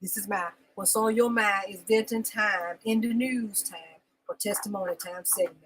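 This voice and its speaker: A woman's voice: mid-range voice, fairly even intonation, moderate pace, slightly rough, poor audio. A woman hosting a live talk show segment, venting emotionally, repeating herself for emphasis and greeting viewers by name. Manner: emotional and insistent, repeating phrases. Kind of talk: live-stream venting monologue.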